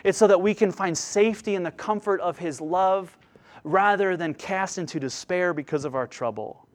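A man preaching a sermon with passion, swelling loud on key phrases and dropping to a hushed, slow delivery. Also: high voice. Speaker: pastor.

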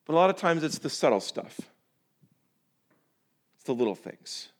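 Male pastor, sermon delivery, folksy and direct, big swings between loud emphasis and hushed, drawn-out phrasing. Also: a little high, very animated. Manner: folksy, addresses listeners as folks.

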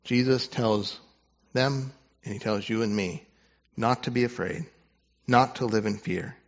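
A man preaching a sermon as pastor, earnest, moving between hushed, tender passages and fervent ones. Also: mid-range voice, steady tone, unhurried, gravelly, highs cut off.

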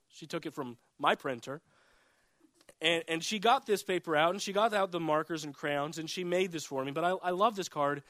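A man's voice: fairly bright tone, dry recording. A man in his thirties preaching a sermon as a pastor, earnest and building in emphasis as he makes his points. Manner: earnest, rises in pitch and volume for emphasis.

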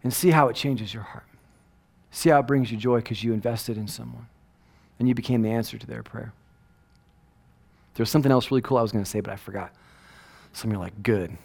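A middle-aged man preaching a casual, conversational sermon, animated and rambling, often checking in with "right?" and dropping from loud emphasis to hushed asides. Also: medium pitch, fast, gravelly, pauses often. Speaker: pastor.

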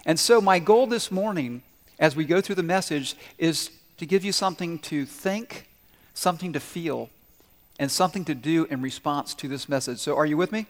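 Pastor preaching in a reverberant hall. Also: male voice, on the high side, normal speed. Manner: storytelling, conversational and direct with the congregation. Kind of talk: sermon.

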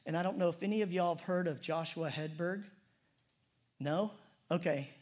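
A middle-aged man preaching a conversational, humorous sermon in a church. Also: normal speed. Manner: conversational and humorous, prayer drops soft and low. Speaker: pastor.

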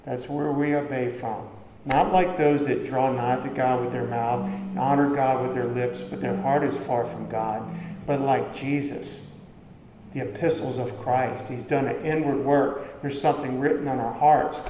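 A man preaches a sermon conversationally, posing questions to his listeners and answering them himself. His medium-pitched voice is mellow and fairly even in intonation, and he speaks a little slowly. The echoey hall carries faint background ambience, with a slight hiss or hum on the recording.

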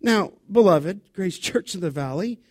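Male pastor mid-sermon, high voice, intense and direct with his congregation, dry close sound. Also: expressive, measured pace, a little mellow, no echo. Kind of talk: expository sermon. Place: church sanctuary.

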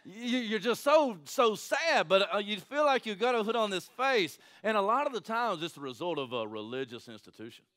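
A man's voice: high-pitched, moderate pace, few pauses. A man preaching a sermon to his congregation in a conversational way, often tossing in "right?" to the crowd. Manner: animated, conversational preaching with frequent "right?" asides. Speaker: pastor.

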